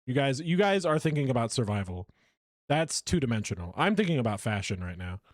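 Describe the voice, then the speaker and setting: A man's voice: medium pitch, very animated, a little fast, dry recording, studio quality. A man streaming a game live, chatty and self-mocking as he talks through his play. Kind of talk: live gameplay commentary.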